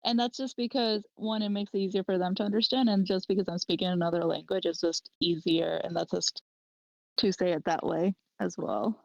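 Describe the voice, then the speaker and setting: A woman's voice: on the low side, steady tone, a little fast, vocal fry, dry recording, muffled recording. A woman speaking standard American English, co-hosting a podcast and explaining herself in a thoughtful, rambling way. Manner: thoughtful, rambling with fillers and restarts. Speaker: podcast co-host. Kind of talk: casual chat.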